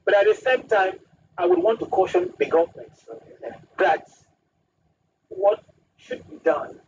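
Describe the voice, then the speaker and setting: A man's voice: sits high, very animated, unhurried, creaky, a little mellow. A man, a guest on a radio talk show, speaking emphatically and using proverbs. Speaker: studio guest. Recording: distant muffled radio studio with hiss.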